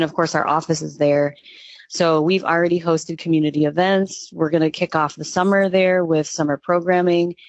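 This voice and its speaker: A woman with a low voice speaks with enthusiasm as a radio interview guest. She often uses "um" fillers. The sound is dry and a little dull, like a lo-fi line. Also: dry recording. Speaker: executive director of a youth music nonprofit.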